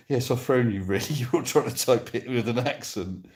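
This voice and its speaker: This medium-pitched, slightly mellow voice moves at a moderate pace. It's a man from Devon, England, chatting casually on a phone livestream from his sofa indoors, reading viewer comments aloud in a playful, joking way.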